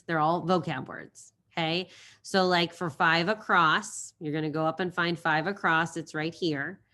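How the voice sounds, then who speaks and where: A chatty woman teacher talking a class through a recorded lesson. Her voice sits a little low, and she likes to repeat key phrases as she goes. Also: a bit bright. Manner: chatty, storytelling with silly voices and repetition.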